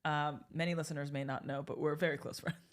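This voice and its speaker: A woman comedian guest on a podcast, chatting playfully with quick, crude jokes and frequent laughter. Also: low voice, little pitch movement. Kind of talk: casual comedic chat.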